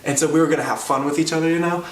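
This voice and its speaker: A man's voice: on the high side, fairly even intonation, racing. Guy rambling through a stand-up story, lots of ums, roomy echo, mic far off. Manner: rambling, self-deprecating, filler-heavy. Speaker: comedian, storyteller. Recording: roomy, distant mic, faint hum.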